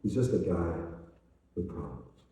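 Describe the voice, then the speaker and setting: An older evangelist preaches a sermon, telling a story with animated energy and putting on its voices. His tone is very dark and mellow. He sounds far from the mic, with long reverb from a large church hall. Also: deep voice, measured pace. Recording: echoey hall, voice from a distance.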